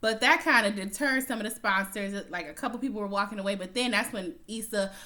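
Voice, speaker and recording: A woman's voice: medium pitch, fast talker, bright, forceful tone. A woman casually recapping a TV episode in a chatty, slangy way, often laughing as she tells it. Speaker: TV recap vlogger.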